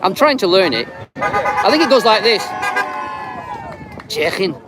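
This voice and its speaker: A man's voice: high-pitched, big pitch swings, moderate pace, over loud music. A man filming a live street vlog outdoors, chatting to passers-by with a teasing, rambling manner. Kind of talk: casual street chat to camera. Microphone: handheld camera. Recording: outdoor crowd noise. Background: crowd noise.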